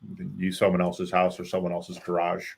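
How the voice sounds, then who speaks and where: A man co-hosting a call-in show, speaking in a halting way with skeptical questions. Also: low-pitched, monotone, creaky, breathy edge. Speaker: co-host. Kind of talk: casual call-in talk.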